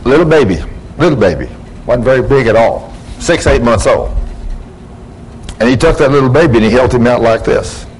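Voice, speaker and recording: A man's voice: medium pitch, animated, normal speed, long pauses, a little mellow, slight background noise, poor audio. A male preacher, giving a sermon to his congregation and acting out the dialogue in his stories with rising emphasis. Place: church before a congregation.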